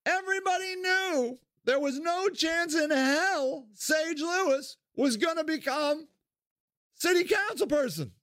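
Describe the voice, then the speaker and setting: This Ohio podcast host, from Akron, talks a little slowly through a candid solo monologue, bluntly and with plenty of swearing. His pitch swings animatedly, and the clean studio audio carries no echo.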